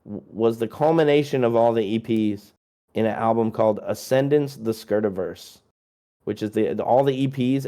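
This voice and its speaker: A man's voice: on the low side, mellow, clean tone. A young man, a musician guest, chatting casually through a long list of his releases, rambling and joking with lots of fillers.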